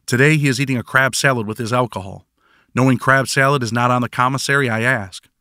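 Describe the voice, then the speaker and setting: A man's voice: mid-range voice, steady tone, fast talker, sharp tone, no room sound. A man narrating his own prison memoir in first person, with dry, wry storytelling.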